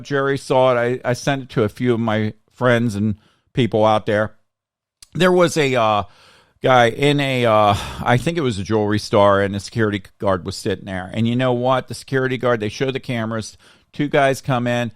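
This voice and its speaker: A man's voice: mid-range voice, normal speed, smooth, dry recording, studio quality. A man from Florida hosting a casual political talk show, ranting heatedly and repeating himself. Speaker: show host.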